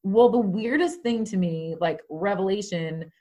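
Female guest, 40s, chatty storyteller, pace shifts between quick and slow. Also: mid-range voice, mellow. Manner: conversational, many fillers, speeds up and slows down. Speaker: podcast guest. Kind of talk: candid personal storytelling.

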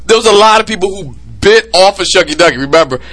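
A man hosting a casual podcast chat, excitable and prone to loud laughing outbursts. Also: high-pitched, quick pace. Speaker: podcast host.

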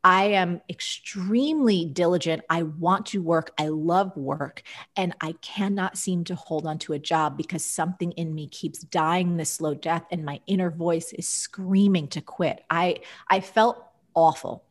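A woman in her forties, slightly low-pitched, sharing a personal story as a guest on an interview show. She tells it with animation, voicing her own old thoughts as quotes along the way. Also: measured pace.

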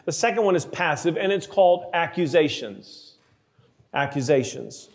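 A man preaching a sermon, emphatic, slowing down to read scripture aloud. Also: fairly high pitch, expressive, long reverb tail. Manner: emphatic, slows for scripture readings.

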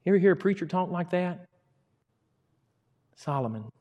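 A middle-aged man preaching a sermon, acting out quoted words and swinging between loud emphasis and hushed asides. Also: sits high, animated, normal speed, narrow, tinny audio. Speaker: pastor. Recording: long hall reverb.

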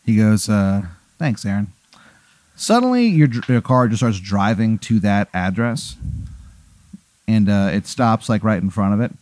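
A man's voice: on the low side, lively intonation, normal speed, darkish tone, no room sound. A man improvising a comedic hypothetical story as podcast co-host, rambling with many fillers. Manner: rambling, filler-heavy narration.

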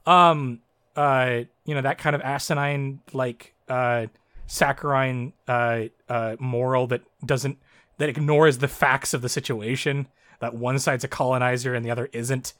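A man co-hosting a casual discussion of a fan story, talking in animated, frustrated bursts full of fillers. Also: mid-range voice, measured pace. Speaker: podcast co-host.

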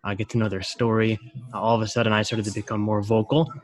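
Low-voiced male interviewer. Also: little pitch movement, quick pace. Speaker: podcast host. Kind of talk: interview conversation.

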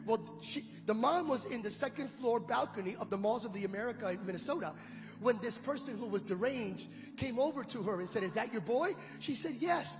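A man preaching a sermon as pastor, telling a story with animated quotes and building to loud shouted calls to the congregation. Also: extremely high pitch, fairly quick. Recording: long hall reverb with music behind.

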